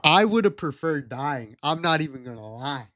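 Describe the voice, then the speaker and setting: A man's voice: on the high side, expressive, moderate pace, pushed and bright. A young adult man streaming live, telling a rambling story and laughing at it.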